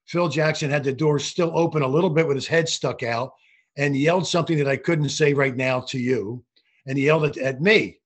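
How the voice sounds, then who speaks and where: An older man, a retired basketball referee, telling animated stories from his career in an interview. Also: on the high side. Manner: animated anecdotal storytelling with frequent restarts. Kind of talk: storytelling interview.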